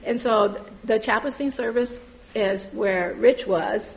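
A middle-aged woman giving an earnest personal testimony about volunteering at church, halting and full of fillers. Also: on the high side, vocal fry, low-quality recording.

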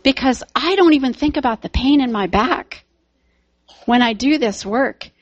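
A woman's voice: high-pitched, lively intonation, moderate pace, no echo, dull audio. A woman voicing a joyful humble young man. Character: joyful humble young male tract writer.

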